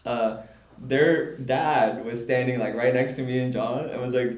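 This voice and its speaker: A man's voice: medium pitch, measured pace, dark tone. A young man chatting as a podcast co-host, rambling through a story with laughs and restarts. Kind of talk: casual chat. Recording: roomy echo.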